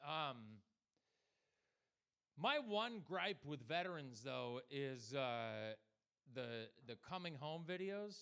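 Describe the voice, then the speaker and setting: A young man performing a stand-up comedy set, talking deadpan to the crowd and slipping into mock voices for the people he quotes. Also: fairly high pitch, unhurried, vocal fry.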